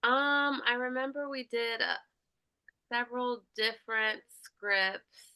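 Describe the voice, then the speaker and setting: A woman taking a voiceover lesson, answering hesitantly with fillers and pauses. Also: fairly high pitch, bright, forceful tone, clear, resonant tone. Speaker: voiceover student. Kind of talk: casual lesson chat.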